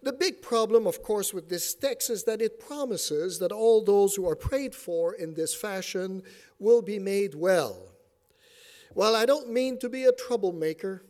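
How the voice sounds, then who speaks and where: A man in his fifties from Quebec City with a French-Canadian accent, giving a sermon that mixes dry self-deprecating jokes with a personal story. He talks with many fillers and goes quiet for serious points. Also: sits high. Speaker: preacher and theology teacher.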